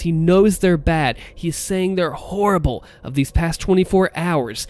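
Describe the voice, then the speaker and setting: A man's voice: on the high side, moderate pace, few pauses, a little mellow, faint music behind. A man who is a voice actor, enthusiastically breaking down and imitating the delivery of game voice lines. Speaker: voice actor and video host. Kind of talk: analytical commentary on game voice lines.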